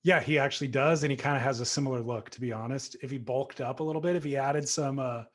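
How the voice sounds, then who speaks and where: Male podcast co-host, middle pitch, keen and teasing, casual chat. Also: fairly even intonation, fast talker. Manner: enthusiastic, teasing banter.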